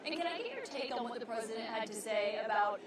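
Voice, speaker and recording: A woman interviewing on TV news, asking brisk, pointed questions. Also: on the high side, big pitch swings, heavy reverb, recorded from a distance, a crowd in the background.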